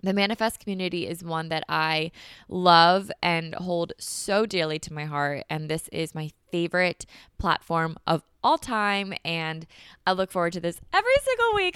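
A young woman chats on her own podcast in a bubbly, gushing way, full of "like". Her voice sits a bit low, smooth and clean, a touch congested from allergies. The close mic sounds dry, with no room around it. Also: moderate pace, fairly bright tone, no room sound. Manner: bubbly, gushing, heavy use of "like". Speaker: podcast host. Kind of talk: casual solo podcast chat.

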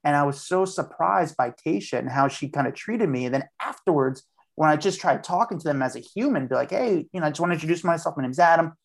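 A man's voice: on the high side, expressive, fast talker, vocal fry. A man as a podcast guest, a street journalist telling a story in a chatty way and acting out what he said at the time. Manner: chatty, acts out his own past lines. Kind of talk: casual storytelling.

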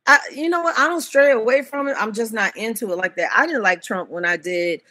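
A woman in her fifties telling stories as an interview guest, animated and often laughing. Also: a little high, a little fast. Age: 50s. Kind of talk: casual interview chat.

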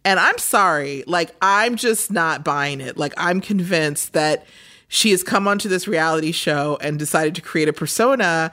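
A woman co-hosting a podcast in easy, chatty talk. Her voice sits a little low, and she fills her sentences with "like.". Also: expressive, moderate pace, bright, forceful tone. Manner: chatty, filler-heavy with "like". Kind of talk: casual chat.

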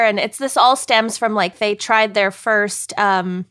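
Bright-voiced woman, giggly storyteller. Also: medium pitch, unhurried, hardly any pauses, clean tone. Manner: giggly, storytelling with quoted dialogue. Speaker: podcast co-host. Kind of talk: casual chat.

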